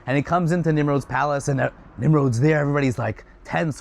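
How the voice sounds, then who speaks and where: A man retelling a religious story in a casual, chatty way, swinging between excited and hushed. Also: on the high side, fast talker, vocal fry. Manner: animated, swings from loud excited to hushed soft; chatty asides.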